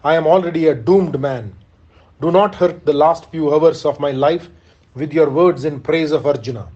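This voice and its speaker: A man reading aloud as a proud, doomed male warrior, bitter and resigned, in a measured, solemn way. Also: fairly high pitch, darkish tone, lo-fi sound, lightly acted. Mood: solemn resolve.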